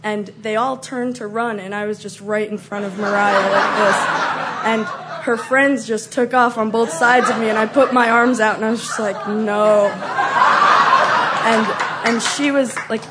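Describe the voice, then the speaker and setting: A woman with a fairly high voice tells a comic story in an animated way, breaking into shrieks and mock voices as she acts out the scenes. The recording has a clear layer of background noise behind her. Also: moderate pace, a loud crowd.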